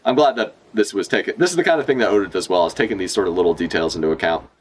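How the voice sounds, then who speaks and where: A man streaming a casual manga read-along, reacting with profane, excitable asides and rambling commentary. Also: low voice, rapid-fire, a little hiss or hum.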